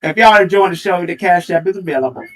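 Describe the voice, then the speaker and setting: A man's voice: high voice, quick pace, a bit bright, recorded from a distance. A man hosting a livestream who talks in a taunting, confrontational way and repeats his jabs, speaking into a headset mic. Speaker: livestream host. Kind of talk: heated livestream rant.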